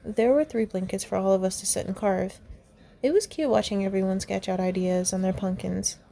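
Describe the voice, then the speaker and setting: A woman's voice: medium pitch, fairly even intonation, brisk, gravelly, warm tone. A young woman reading a fan story aloud, voicing the characters in her own voice and laughing and commenting along the way. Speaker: fan fiction reader.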